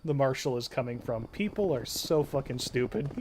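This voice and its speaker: A man's voice: mid-range voice, lively intonation, normal speed, noisy background. A man chatting casually and swearing freely while streaming a video game. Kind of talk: casual gameplay commentary.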